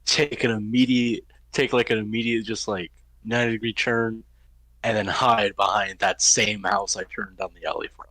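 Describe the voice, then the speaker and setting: Low-voiced guy with a sharp bright tone, playing d&d, half in character, explains plans as he goes. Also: little pitch movement, moderate pace, no echo. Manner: thinks aloud while explaining plans. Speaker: player. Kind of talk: in-character tabletop play.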